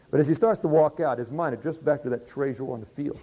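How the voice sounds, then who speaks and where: Mellow folksy preacher man. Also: mid-range voice, fast, few pauses. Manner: humorous, drawling, conversational. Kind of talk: folksy sermon storytelling. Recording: dull lo-fi recording.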